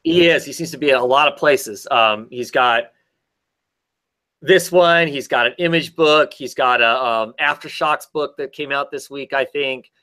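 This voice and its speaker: A man's voice: medium pitch, a little slow, sharp tone. A man casually recapping a comic story, rambling with many fillers and restarts. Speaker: podcast co-host reviewing comics. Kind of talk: casual chat.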